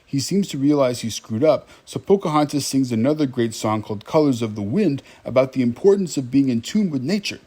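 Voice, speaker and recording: A man's voice: mid-range voice, expressive, brisk, few pauses, dark tone, slightly rough. A man giving a casual, wry movie recap, chatting directly to his viewers.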